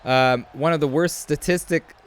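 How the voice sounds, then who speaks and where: A man's voice: a little high, brisk, slight background noise. Chatty man commentating. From Canada. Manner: chatty, storytelling, animated shouts. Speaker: host. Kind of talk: play-by-play commentary over a video game.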